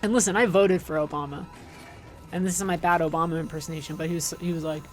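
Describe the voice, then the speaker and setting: A woman's voice: lowish voice, quick pace, soft background music. A woman in her thirties chatting casually on a gaming livestream, ranting sarcastically and swearing, with frequent restarts. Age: 30s. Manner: rambling, profane, sarcastic rants with restarts. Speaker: streamer.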